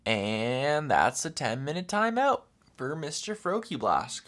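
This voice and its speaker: A man's voice: on the high side, sing-song, slow pace, a bit bright. A man live-streaming while he draws, chatting casually with his viewers in a playful, teasing way. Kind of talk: casual chat while drawing.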